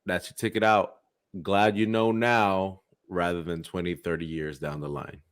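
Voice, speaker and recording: Male podcast co-host, low pitch, dry close sound, crude storyteller. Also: little pitch movement, normal speed, dry recording. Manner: storytelling, swearing, acts out voices in jokes. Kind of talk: casual comedic chat.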